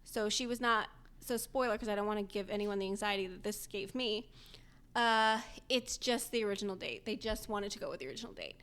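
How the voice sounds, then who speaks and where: A young adult woman co-hosting a podcast, telling a story in casual chat, animated and often laughing as she acts out the people in it. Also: mid-range voice, a little fast, smooth. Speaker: podcast co-host.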